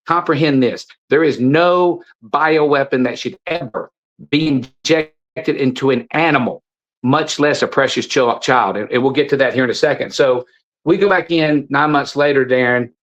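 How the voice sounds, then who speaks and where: A man's voice: medium pitch, normal speed, fairly bright tone, poor audio. A man, an interview guest, telling a story with emphatic, preachy urgency, often stumbling and repeating words. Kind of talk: impassioned storytelling in conversation.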